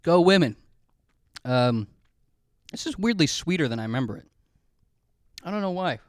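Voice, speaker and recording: A man's voice: fairly high pitch, very animated, moderate pace, no echo, studio quality. A man hosting a casual solo podcast, telling rambling, profane, self-mocking stories. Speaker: podcast host.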